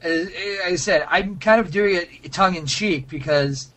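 A man's voice: sits high, normal speed. A man co-hosting a casual podcast chat, talking animatedly and jokingly, with many fillers. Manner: animated, jokey, lots of fillers. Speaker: podcast co-host.

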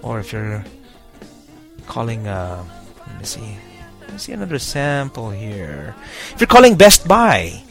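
A man hosting a podcast, talking casually to his listeners with many fillers and restarts. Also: medium pitch. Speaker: podcast host.

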